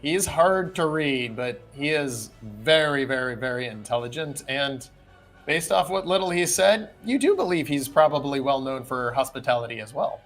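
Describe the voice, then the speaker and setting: A man's voice: mid-range voice, normal speed, soft background music. Casual man running a tabletop game. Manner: casual, relaxed narration with fillers. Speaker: dungeon master. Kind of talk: narrating a tabletop game on a live stream.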